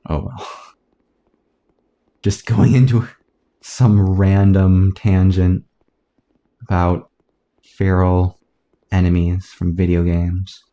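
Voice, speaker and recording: A man casually commentating his own gameplay, rambling aloud through tangents with soft self-mocking asides. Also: deep voice, flat delivery, slow, pauses often. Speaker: let's play gamer.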